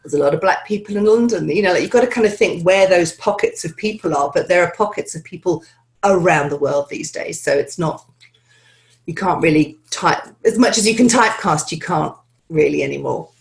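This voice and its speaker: A woman accent coach answering listener questions in an interview, talking in a lively, chatty way with frequent laughs. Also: on the low side, brisk, gravelly.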